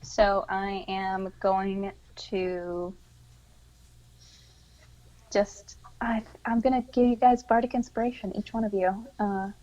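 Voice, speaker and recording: A woman's voice: medium pitch, flat delivery, slow pace, dark tone, highs cut off. A woman playing a tabletop game, thinking aloud and hesitating over her moves. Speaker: player. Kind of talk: casual tabletop play.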